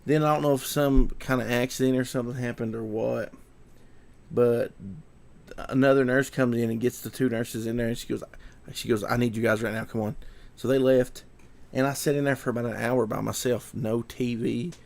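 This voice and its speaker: Young man, gravelly voice, rambling casual storytelling vlog. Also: mid-range voice, steady tone, normal speed, a little mellow. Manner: rambling, repeats himself, trails off. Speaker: vlogger.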